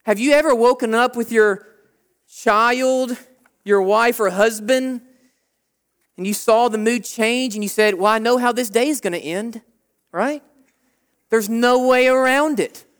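A man preaching a sermon as a pastor, animated, acting out the people's complaints in short bursts. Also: extremely high pitch, unhurried, long pauses.

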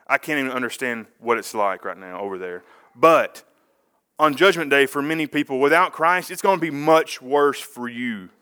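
A man's voice: medium pitch, lively intonation, moderate pace, sharp tone, clean tone. A man preaching a casual sermon, talking conversationally with rambling asides and self-corrections.

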